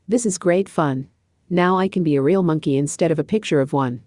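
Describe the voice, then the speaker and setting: A woman voicing a cheeky, chattering male monkey with a teasing manner, pitched up. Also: brisk, warm tone, no echo, clean studio sound, lightly acted. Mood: gleeful.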